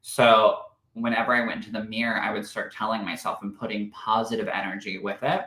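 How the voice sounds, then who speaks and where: Guy doing a live psychic reading stream, super affectionate, bright tone, roomy echo. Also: fairly low pitch, little pitch movement, brisk. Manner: affectionate, gushing, calls viewers "my love" and "darling". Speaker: spiritual medium and host. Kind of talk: live-streamed mediumship reading of viewer comments.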